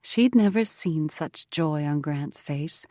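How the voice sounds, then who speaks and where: A woman narrating an audiobook in a measured, earnest storytelling manner on a close mic. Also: sits low, expressive, dark tone, no echo. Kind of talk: scripted narration.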